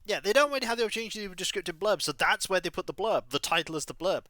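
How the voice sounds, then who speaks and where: A man streaming a game, chatting casually and telling stories in an animated, chatty way. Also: high-pitched, rapid-fire, few pauses, no room sound. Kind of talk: casual chat while playing a game.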